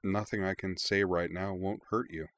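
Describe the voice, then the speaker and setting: A man voicing a kind grown man who speaks softly and soothingly. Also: sits low, animated, fast, breathy edge, full character voice. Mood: sad, regretful. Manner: soft and soothing.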